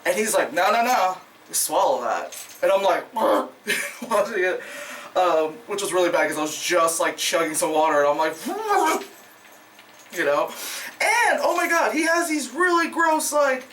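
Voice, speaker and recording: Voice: medium pitch, lively intonation, moderate pace, fairly bright tone. A film reviewer giving a casual, rambling movie review vlog, swearing freely, laughing often and full of fillers. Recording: distant mic with faint background noise.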